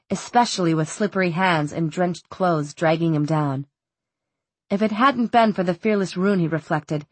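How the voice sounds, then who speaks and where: A woman reads a novel aloud in measured, even storytelling. Her voice sits low and carries a breathy, husky edge. The recording is close and dry, with no room echo. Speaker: audiobook narrator. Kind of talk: scripted narration.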